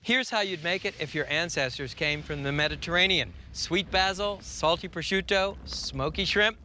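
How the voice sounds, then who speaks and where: A middle-aged man hosting a TV cooking show, delivering punchy scripted lines and measured step-by-step instructions. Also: on the high side, pushed and bright, slight background noise. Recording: broadcast audio with music bed.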